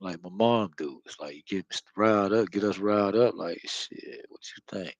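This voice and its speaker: A man's voice: sits low, normal speed, no echo, muffled recording. A man talking in a loose, slangy, profane monologue full of fillers, close to the mic. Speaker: spiritual vlogger. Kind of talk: casual rambling monologue.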